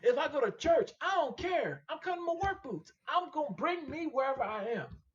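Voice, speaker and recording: A man's voice: very high voice, brisk, highs cut off. A man guest on a casual podcast interview, talking emphatically and repeating his points like a sermon. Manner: emphatic, animated and repetitive, preaching-like. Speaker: podcast guest, machine shop owner.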